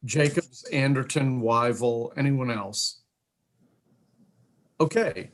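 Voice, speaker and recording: A man chairing a legislative committee session, calling votes in a brisk, procedural way with dry jokes. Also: medium pitch. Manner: brisk, procedural, dryly joking.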